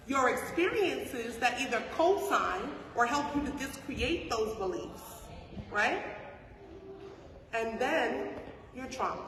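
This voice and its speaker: A woman teaching a class as a spiritual teacher, talking conversationally with rhetorical questions and "right?" checks. She swings between soft asides and loud emphasis. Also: high-pitched, slight background noise. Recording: echoey hall from far off.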